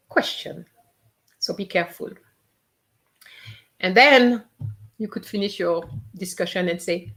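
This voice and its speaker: A woman's voice: lowish voice, a little slow, pauses often, a bit bright. A woman teaching a live online language lesson, patiently repeating each phrase to model its pronunciation. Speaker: French teacher.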